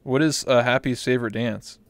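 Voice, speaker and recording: Male stream host, smooth clear voice, dry close sound, crude and joking, swears a lot. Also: mid-range voice, fairly even intonation, brisk, no room sound. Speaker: talk show host. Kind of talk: casual live-stream interview chat. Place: virtual reality chat stream.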